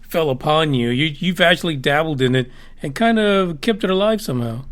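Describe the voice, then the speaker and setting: A man's voice: on the high side, expressive, brisk, fairly bright tone. A man hosting a casual interview podcast, asking rambling questions with many fillers and restarts. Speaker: podcast host.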